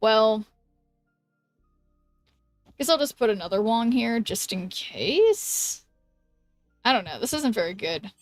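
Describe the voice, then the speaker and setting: Brief: young American woman streamer, slightly high voice, chatty and giggly, dry close mic, faint music underneath. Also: very animated, slow, long pauses, dry recording. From United States. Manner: chatty, giggly, trails off with ums. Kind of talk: casual chat while gaming.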